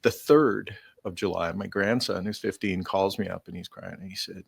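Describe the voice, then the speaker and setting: An older man with a low, gravelly voice tells rambling stories, pausing often on fillers and breaking into laughs. The sound is close and dry, with no room around it. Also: fairly even intonation, no room sound. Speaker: guest bugler. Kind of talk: casual storytelling.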